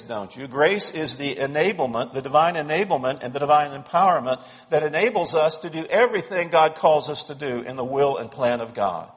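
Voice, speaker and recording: Pastor, male, slightly high voice, emphatic expository preaching, reverberant sanctuary. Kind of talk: sermon. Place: church sanctuary.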